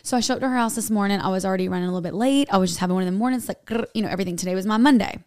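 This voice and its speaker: A woman's voice: mid-range voice, racing, darkish tone, dry recording, studio quality. Chatty woman telling a story. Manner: chatty, rambling storytelling with many "like"s. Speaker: podcast co-host. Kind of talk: casual chat.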